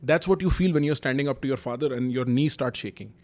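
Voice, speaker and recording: A man's voice: mid-range voice, quick pace, a little mellow. A young man with an Indian English accent telling candid, emphatic personal stories to camera. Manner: candid, emphatic, mixes Hindi kinship words and slang. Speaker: YouTube host.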